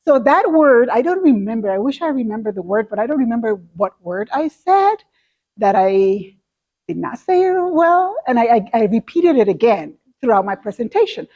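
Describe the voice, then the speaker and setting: A woman's voice: on the high side, big pitch swings, normal speed, a little mellow, lo-fi sound. A middle-aged woman with a Spanish accent telling a personal story in a talk, acting out her own past reactions. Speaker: speaker.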